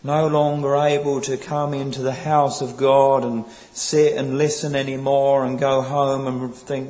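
A man preaching a sermon in a slow, earnest, pleading way, quoting old scripture. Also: medium pitch, little pitch movement, darkish tone, low-quality recording.

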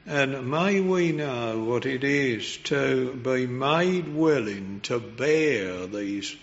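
A man preaching a sermon in a slow, reverent and earnest way, his voice rising in fervour at times. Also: medium pitch, lo-fi sound.

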